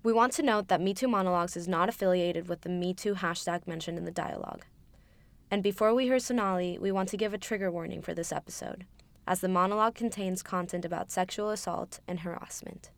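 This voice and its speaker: A woman host reading a scripted podcast introduction in a clear, measured, formal way. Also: lowish voice, no room sound.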